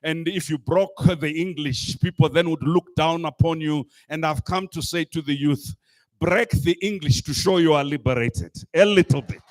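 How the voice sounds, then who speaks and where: A man giving a rousing public speech to a youth assembly, emphatic and full of rhetorical repetition, at times rising to a shout. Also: fairly high pitch, moderate pace. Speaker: speaker addressing a youth climate assembly. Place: live event stage.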